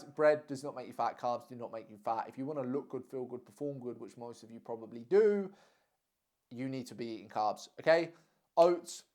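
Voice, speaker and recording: Blunt man coaching fitness. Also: medium pitch. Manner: blunt, swears freely, teasing and energetic. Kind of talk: casual direct-to-camera advice.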